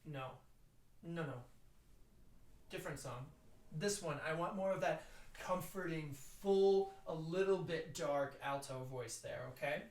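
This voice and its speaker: Tenor choir director in a roomy space. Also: male voice, far from the mic, noisy background. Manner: talks through notes quickly, then sings phrases slowly in falsetto. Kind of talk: choral rehearsal teaching with sung demonstrations.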